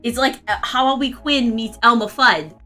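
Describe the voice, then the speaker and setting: Young woman, live art stream, casual rambling, restarts, bright voice, faint music. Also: fairly high pitch, unhurried. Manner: rambling, with frequent restarts and fillers.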